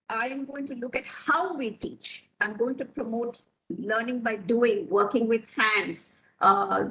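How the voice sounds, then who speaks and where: A woman speaking on a video call as a panelist, with a fairly high voice. She sets out her plans point by point in a measured, methodical way. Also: a bit bright, rough recording. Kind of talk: panel discussion answer.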